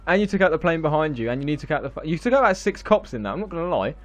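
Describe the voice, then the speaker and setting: A man, excitably narrating gameplay and laughing constantly between exclamations and swearing. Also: on the high side, rapid-fire. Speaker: gaming video host. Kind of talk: excitable live gameplay chat.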